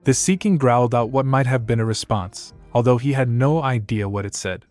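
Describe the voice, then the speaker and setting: A man's voice: medium pitch, fairly quick, a little mellow, faint music behind. A man reading fan fiction aloud, keeping the characters' lines close to his own voice. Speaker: fanfic narrator.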